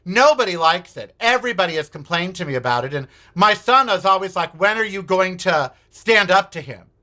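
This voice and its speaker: A man's voice: sits high, expressive, fairly quick, sharp tone. A man quoting a stern middle-aged mother who scolds him curtly. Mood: disapproving. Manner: curt, disapproving.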